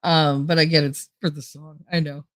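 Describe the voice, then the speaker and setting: A woman's voice: sits low, little pitch movement, normal speed, no echo. A woman with a New Jersey accent chatting casually on a livestream, rambling and laughing often, a little nasal from a stuffy nose. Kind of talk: casual chat.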